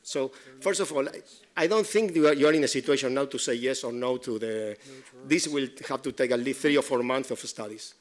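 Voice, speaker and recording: A man giving public comment at a city meeting, halting and repeating himself while pressing his complaints. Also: mid-range voice.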